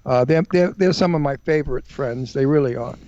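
A man's voice: mid-range voice, a little fast, mellow, no room sound. A male radio co-host talking emphatically and enthusiastically on a live show. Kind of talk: casual live radio chat. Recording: dull, dry studio sound.

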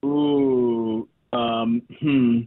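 A man rambles through a casual chat, joking at his own expense and restarting his sentences. He comes through a thin, tinny phone line. His pitch sits in an ordinary middle range. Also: steady tone, extremely slow. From Baltimore. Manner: rambling, self-deprecating, many fillers and restarts. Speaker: comedian guest.

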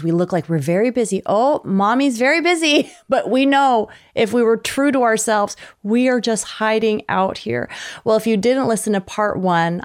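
A woman podcast host delivering a sermon-style message as an animated storyteller who acts out voices. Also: medium pitch.

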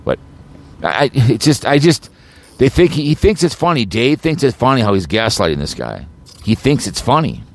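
A man's voice: medium pitch, very animated, normal speed. A man hosting his own podcast, delivering an agitated, rambling rant full of repeats and stumbling restarts. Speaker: podcast host.

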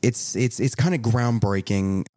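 A low-voiced man running a tabletop game as game master. He narrates in a joking, rambling way, restarting his sentences often. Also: a little slow, mellow.

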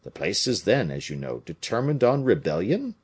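A man's voice: on the low side, big pitch swings, normal speed, darkish tone, slightly rough. A man reading a novel aloud, voicing a male artillery major who speaks with respect but firmness. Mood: firm. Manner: respectful, firm.

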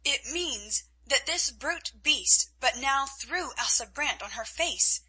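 A woman's voice: a little high, lively intonation, normal speed, sharp tone, husky, heavily acted, poor audio. A woman reading the part of a hot-headed young man, urgent and gasping after a fight.

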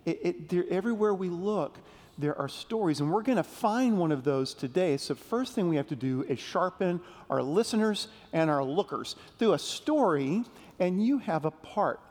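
A man giving a playful children's sermon, telling a story gently and asking the kids questions. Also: sits high, animated, normal speed. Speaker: pastor leading a children's message. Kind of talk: children's sermon with call-and-response. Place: large church sanctuary. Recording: long reverb of a big sanctuary.

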